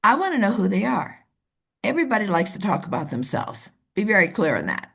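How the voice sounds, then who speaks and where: A woman leading a team meeting over a video call. She coaches in an animated way and acts out the voices of the people she describes. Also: medium pitch, fairly quick, gravelly, breathy edge. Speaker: team leader. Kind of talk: motivational coaching talk.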